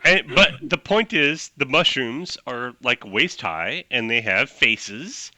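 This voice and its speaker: A man running a tabletop game as game master, narrating in an animated, loose way. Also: mid-range voice, slow, no echo. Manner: animated, loose, full of fillers.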